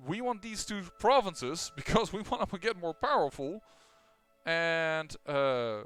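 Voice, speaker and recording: Over soft background music, a gameplay commentator talks slowly and animatedly about his own strategy game in a fairly high, slightly bright, clear and resonant voice. His casual thinking aloud is full of fillers and restarts.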